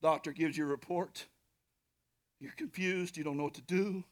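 A man preaching a sermon, telling a story with animated swings from shouting to whispering and calling out to the congregation. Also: on the high side, normal speed. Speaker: pastor.

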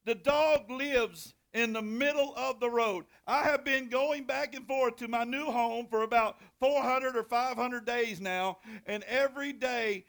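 High-voiced pastor preaching. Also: male voice, a bit bright. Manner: folksy storytelling, drawn-out dramatic reading, hollering bursts. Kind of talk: sermon. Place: church sanctuary.

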